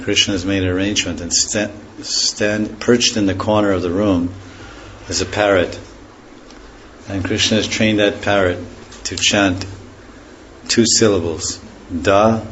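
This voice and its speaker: A man with a fairly low voice teaches a scripture class at an unhurried, reflective pace. He stops often to explain words, and his phrases fade softly at the ends. A faint background hiss sits under his voice. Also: rough recording. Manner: pauses to explain words and terms. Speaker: spiritual teacher.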